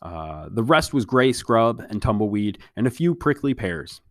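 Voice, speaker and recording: Calm man reading a novel aloud. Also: lowish voice, moderate pace, no room sound, studio quality. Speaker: storybook reader.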